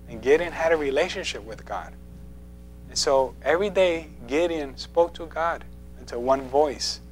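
A man giving a conversational sermon in a church, playful, asking the congregation questions and laughing often. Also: mid-range voice. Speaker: preacher. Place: church sanctuary.

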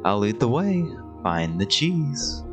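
A man's voice: medium pitch, big pitch swings, slow, over music. A man voicing a scheming, greedy male mouse in a game, sly and wheedling.

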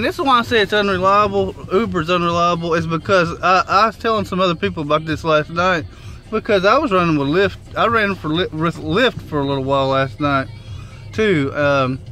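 Guy ranting about his rideshare job, kinda high voice, swears a lot, acts out what people said. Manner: animated, swears freely, acts out quotes. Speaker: rideshare driver vlogger. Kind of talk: casual storytelling vlog.

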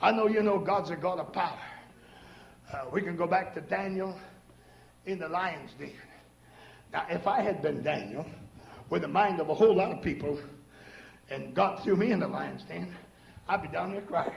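High, gravelly shouting preacher. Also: male voice, normal speed, long pauses. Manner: rhythmic, punctuated with "uh", shouting peaks. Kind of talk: chanted Pentecostal sermon. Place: church sanctuary. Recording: echoey church recording.

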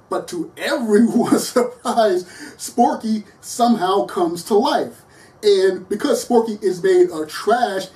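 A chatty film reviewer with a mellow, warm tone, laughing often and trailing into thinking-aloud fillers. The voice sits a little back from the microphone, giving a slightly distant, home-recorded feel. Earnest and conversational throughout. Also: mid-range voice. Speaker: movie reviewer. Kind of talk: casual movie review monologue.

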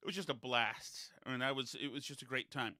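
A man's voice: medium pitch, a little fast, pushed and bright, dry recording, clean studio sound. A man in casual podcast chat, telling digressive, chatty anecdotes.

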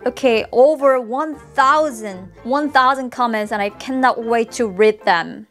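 A woman's voice: fairly high pitch, a little slow, few pauses, fairly bright tone, faint music behind. A young Korean woman with a Korean accent, reacting in a casual vlog with exclamations, laughs and mocking commentary. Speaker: YouTuber.

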